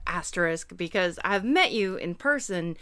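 A woman's voice: fairly low pitch, expressive, measured pace, fairly bright tone, clear, resonant tone, dry recording. A woman hosting a casual chat, teasing and laughing often.

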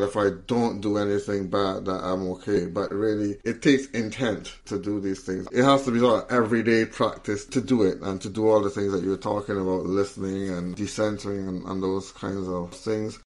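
Low-voiced man, thoughtful panel guest. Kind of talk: panel discussion.

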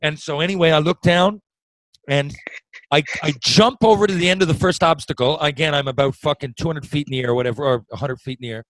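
A man telling a long story in casual chat, swearing often and getting loud when worked up. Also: on the high side, fast talker, dry recording, low-quality recording. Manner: profane, animated, swings loud when worked up.

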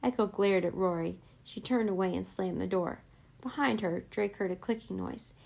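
Woman narrator reading a kids' chapter book, gravelly fry, mid pitch. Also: normal speed, darkish tone.

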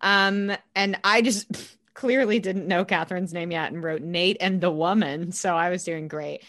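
A woman's voice: lowish voice, steady tone, a little slow, a bit bright. A young woman co-hosting a podcast, chatting casually about a TV show with lots of ums and laughs. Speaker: podcast co-host. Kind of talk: casual chat recapping a TV show.

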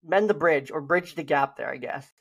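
A young man co-hosting a podcast, chatting casually and acting out gentle reassuring lines to a lost child. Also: fairly high pitch, moderate pace, slightly rough. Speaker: podcast host. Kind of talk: casual chat.

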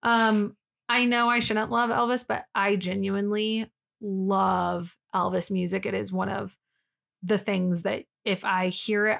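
Co-hosting a laid-back podcast, this young woman speaks in a mid-range, creaky, slightly bright voice. Her chat turns emotional and she swears liberally as she recounts something personal.

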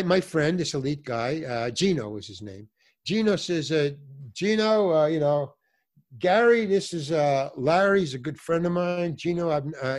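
An older man, an actor and comedian, telling a story in a casual interview and acting out the voices of the people in it, with many fillers and restarts. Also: on the high side.

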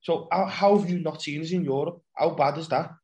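Male podcast host, matey, rambling questions, slightly high voice. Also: brisk, a little mellow. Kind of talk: casual podcast chat.

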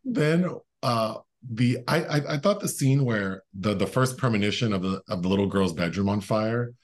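Low-voiced man joking through casual film chat. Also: expressive, normal speed. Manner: joking, laughs often, many "like" fillers. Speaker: podcast co-host.

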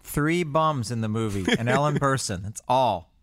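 A man's voice: mid-range voice, expressive, moderate pace, no echo, studio quality. A man co-hosting a podcast in casual chat, joking and laughing often. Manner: jokey, laughs often, teasing. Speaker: podcast co-host.

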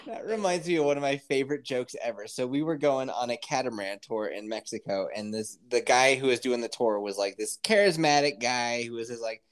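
A woman's voice: a bass voice, brisk, few pauses. A woman co-hosting a casual podcast who teases, laughs often and puts on mocking voices. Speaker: podcast co-host. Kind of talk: casual chat.

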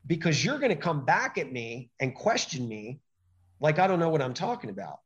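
Animated, emphatic man, lo-fi sound. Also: fairly high pitch, normal speed. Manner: animated, emphatic, acts out quoted exchanges. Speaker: podcast guest. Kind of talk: conversational interview.

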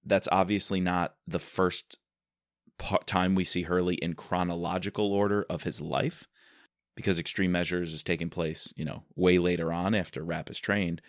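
A man with a very low voice talks through his take on a book series in a relaxed, opinionated way. The recording is dry and close-miked. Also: moderate pace, no room sound. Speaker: podcast host. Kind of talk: casual book discussion.

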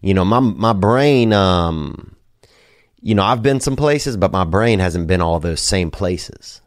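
Low-voiced drawling man hosting a podcast. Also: animated, slow, no room sound, studio quality. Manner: loose, drawling, joking, swears casually. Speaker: podcast host. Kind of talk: casual rambling podcast talk.

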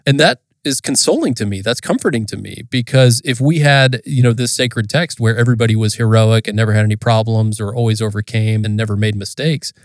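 A man co-hosting a conversation, speaking in a thoughtful, measured and reflective way. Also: lowish voice, no echo, studio quality. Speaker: podcast co-host. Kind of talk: casual conversation.

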